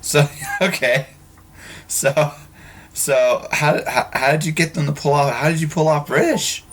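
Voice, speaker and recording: A man's voice: fairly high pitch, a little slow. A man hosting a podcast interview in casual conversation, often restarting and repeating words as he thinks aloud. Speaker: podcast host.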